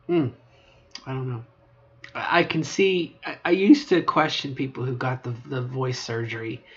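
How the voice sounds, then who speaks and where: A middle-aged trans woman talking in a casual video diary, rambling with many fillers and restarts, moving between a lower voice and an upper register. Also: lo-fi sound. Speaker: vlogger.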